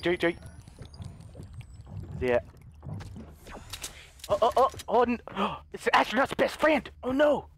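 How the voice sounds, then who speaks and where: High, lively-voiced excitable male gamer. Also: slow pace, gravelly, pauses often, a little hiss or hum. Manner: excitable and jokey, swinging from hushed mutters to loud yells. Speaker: gamer commentating his own play. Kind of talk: live gameplay commentary.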